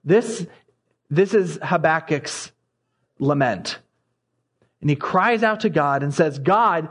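A man's voice: on the high side, animated, slow pace, long pauses, fairly bright tone, husky. A man preaching a sermon, growing impassioned as he reads scripture aloud. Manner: impassioned, rising when reading scripture aloud.

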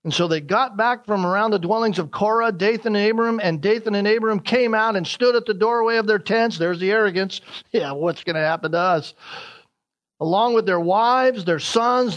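A male preacher with a high, somewhat bright voice reads scripture aloud in an expository sermon. He is emphatic, rising in pitch and force to stress the text and slowing down on key phrases.

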